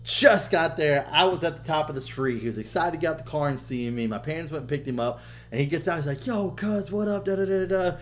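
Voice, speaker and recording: A young man co-hosting a podcast, telling stories in casual chat, swearing a lot and getting loud when he quotes people. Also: fairly high pitch, quick pace, few pauses. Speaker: podcast co-host.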